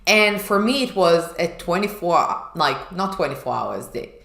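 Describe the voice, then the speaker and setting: A woman's voice: on the low side, animated, normal speed, gravelly, fairly bright tone. A woman co-hosting a chat show, telling a personal story candidly and acting out her past self. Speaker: podcast co-host. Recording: echoey room.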